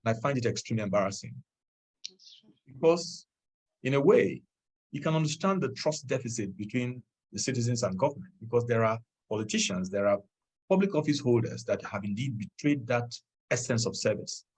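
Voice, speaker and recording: A man's voice: medium pitch, a little mellow, breathy edge. A Nigerian man, a political candidate, answering questions earnestly and with feeling over a video call. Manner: earnest, measured, openly moved.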